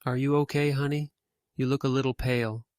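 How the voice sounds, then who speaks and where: Tender, worried mother, read by a man; soothing and gentle, dry close recording. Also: medium pitch, level tone, a little fast, no room sound, natural voice.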